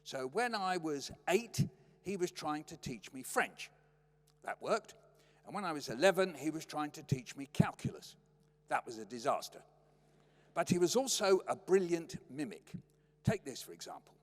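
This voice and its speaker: An older British man spins humorous family anecdotes, his pitch swinging in a lively way. His voice sits slightly high for a man. The long reverb of a lecture hall trails after his words. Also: moderate pace. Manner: playful, acts out family voices. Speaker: guest lecturer.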